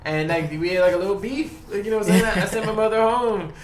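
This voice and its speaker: A man's voice: sits high, fast, echoey room, slight background noise. Profane man telling a rambling story. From Baltimore. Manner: profane, rambling, with quoted dialogue. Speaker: guest. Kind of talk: casual storytelling. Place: podcast studio.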